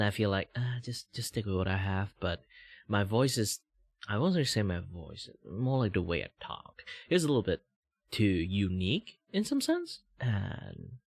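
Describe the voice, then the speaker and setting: A young Malaysian man with a fairly low voice that keeps leaping between highs and lows. His English carries a slight British lilt and he drags out his words. The sound is close and dry, with no room around it. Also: a bit bright, no echo. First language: Mandarin. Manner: rambling, jumps between high and low pitch. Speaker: VTuber streamer. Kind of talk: casual livestream chat.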